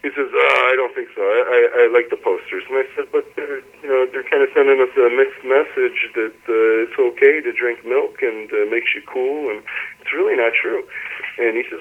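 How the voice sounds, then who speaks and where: A man talks over a narrow, phone-like line as an interview guest. He stumbles and doubles back on his words but presses his points with emphasis. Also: medium pitch. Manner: halting, many repeated words, emphatic. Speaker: interview guest, fired teacher. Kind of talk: telling his story in an interview.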